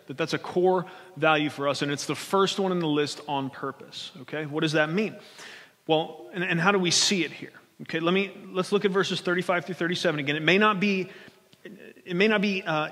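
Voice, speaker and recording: A man preaching a sermon from the pulpit, his voice sitting a little high. He talks in a loose, conversational way and keeps checking in with the congregation. The church hall carries a long, lingering reverb. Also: pushed and bright. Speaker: pastor. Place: church sanctuary.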